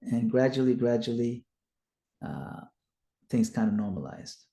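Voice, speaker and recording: A man teaching a scripture study and retelling the story as an animated storyteller who acts out the quotes. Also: medium pitch, a little slow, creaky. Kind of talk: storytelling lecture. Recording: echoey room.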